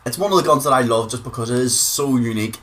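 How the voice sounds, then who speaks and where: This gaming video creator, a man from Northern Ireland with a Northern Irish accent, talks fast in a medium-pitched, fairly bright voice. His commentary is casual and chatty, full of swearing and words repeated for emphasis.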